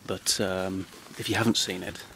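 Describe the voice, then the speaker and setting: A man speaking outdoors on a countryside path in a hesitant, halting, dry deadpan ramble full of ums and restarts. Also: deep voice, gravelly, slight background noise, poor audio. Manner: dry, self-deprecating. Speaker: comedy vlogger.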